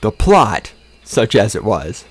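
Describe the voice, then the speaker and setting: A man's voice: fairly low pitch, big pitch swings, takes it slowly, breathy edge. A man hosting a podcast, ranting casually with lots of swearing and sarcasm, often repeating words and restarting sentences when worked up. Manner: sarcastic, swears often, mocks with exaggerated voices. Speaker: podcast host. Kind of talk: casual profane rant.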